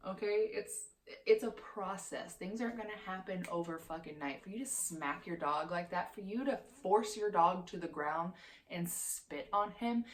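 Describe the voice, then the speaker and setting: A woman's voice: mid-range voice, fairly bright tone. A woman in her twenties ranting as a vlogger, heated and profane, swearing constantly. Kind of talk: heated opinion rant.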